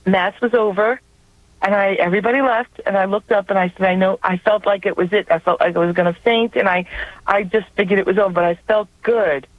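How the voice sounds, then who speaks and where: A woman with a New York accent, from Long Island, calls in to a radio show and tells an earnest personal story. Her voice is medium-pitched, steady and fairly quick, coming through a tinny telephone line with no room sound.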